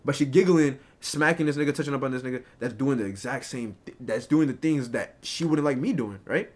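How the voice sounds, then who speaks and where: A young man recounts a story to his viewers in a loose, rambling way. His voice sits at an ordinary middle pitch, and he keeps tossing in "like" and "right?" as he goes. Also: a little fast, a little hiss or hum. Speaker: storyteller streamer. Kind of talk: casual storytelling to a live chat.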